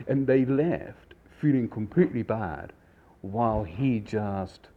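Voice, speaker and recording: Low-voiced chef telling stories. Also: male voice, slow pace, narrow, tinny audio. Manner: rambling, animated, many fillers. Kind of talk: casual storytelling.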